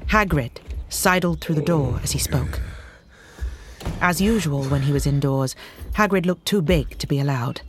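A woman narrating a drama in a measured storybook reading. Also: deep voice, background noise. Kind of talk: scripted narration. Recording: clear music underneath.

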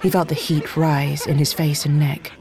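A narrator reading a fantasy novel aloud in a steady, expressive storytelling manner. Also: medium pitch, normal speed. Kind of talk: audiobook reading.

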